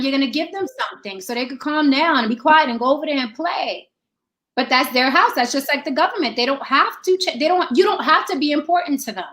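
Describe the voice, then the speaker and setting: A high-pitched woman with a fairly bright tone hosts an opinionated podcast discussion. She curses for emphasis and hammers home her point by asking the same rhetorical questions again and again.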